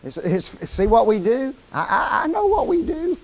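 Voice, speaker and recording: Man preaching, high voice, very lively pitch, call-and-response questions, slow emphatic scripture reading. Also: vocal fry, rough recording. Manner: quotes scripture slowly and emphatically. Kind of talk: sermon. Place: church hall.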